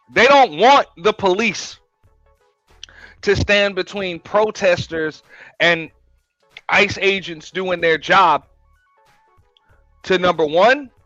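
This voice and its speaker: A man's voice: high-pitched, sharp tone, no room sound. A man hosting a show, giving a blunt, profane, emphatic rant in casual talk. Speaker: host. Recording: dull lo-fi, dry sound.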